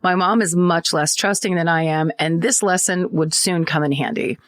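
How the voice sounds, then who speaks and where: A woman co-hosting a podcast, reading a listener's email aloud in casual chat, animated and emphatic, laughing often. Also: on the low side, normal speed. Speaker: podcast co-host.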